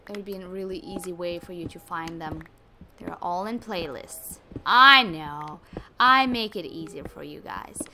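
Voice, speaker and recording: A woman giving casual gameplay commentary, chatting to viewers and talking to the game with sudden exclamations, sounding a little under the weather. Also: mid-range voice. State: slightly sick. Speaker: gaming YouTuber.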